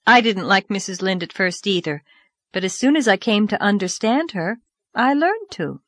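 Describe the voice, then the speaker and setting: A woman voicing an earnest, dreamy young girl in an audiobook, lively and reproachful. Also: mid-range voice, moderate pace, no echo, lightly acted. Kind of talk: audiobook character voice.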